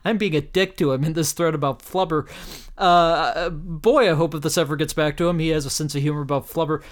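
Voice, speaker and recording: A man hosting a solo podcast, reading out his own tweets in an animated, joking way, with bursts of mock outrage and casual swearing. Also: a little high, fairly quick. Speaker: podcast host.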